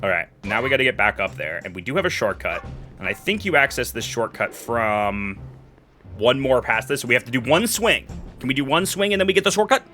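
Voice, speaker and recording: A young man streaming a game live, his bright voice bouncing all over in pitch. He drops to quiet mutters, then bursts into loud yelling at his chat. Faint game music plays underneath. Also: animated, fairly quick. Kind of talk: live gameplay commentary.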